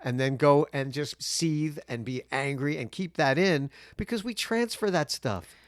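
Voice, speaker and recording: A man's voice: fairly high pitch, measured pace, no echo, clean studio sound. A man hosting a podcast, speaking in an earnest, encouraging way to his guest. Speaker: podcast host. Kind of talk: casual chat.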